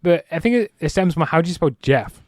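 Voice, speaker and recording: A man's voice: on the high side, animated, quick pace, no echo, clean studio sound. A man co-hosting a podcast in casual chat, easygoing and teasing as he brings up news items. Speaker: podcast co-host.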